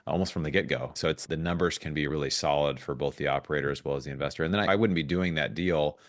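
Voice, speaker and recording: A man speaking as a guest in a podcast interview, telling stories in an animated way with frequent restarts. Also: very deep voice, no echo, studio quality. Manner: fast, animated storytelling with restarts. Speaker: guest investor.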